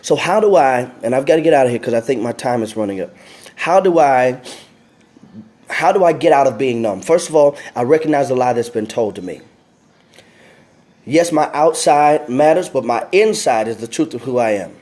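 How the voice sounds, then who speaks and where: A man's voice: medium pitch, expressive, moderate pace, a little mellow. A man giving earnest life advice in a casual talk, often repeating himself and restarting sentences. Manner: greets viewers by name mid-talk.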